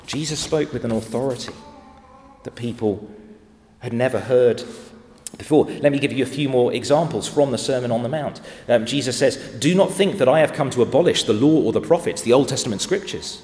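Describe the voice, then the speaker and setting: Guy preaching a sermon in church, goes soft then hits words hard, big hall reverb. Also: a little high, very animated, normal speed. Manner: emphatic, swings between soft and loud.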